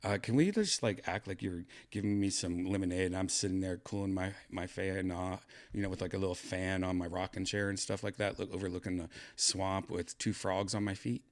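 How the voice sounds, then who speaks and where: Give me a male podcast host with a lowish voice, talking in a halting, rambling way. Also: fairly even intonation. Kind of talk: joking casual chat with an AI voice.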